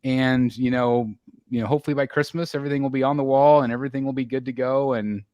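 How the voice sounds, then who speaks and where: A man's voice: medium pitch, fairly even intonation, fast talker, darkish tone, dry recording. A man hosting a live stream, chatting casually and rambling with lots of fillers. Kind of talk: casual chat.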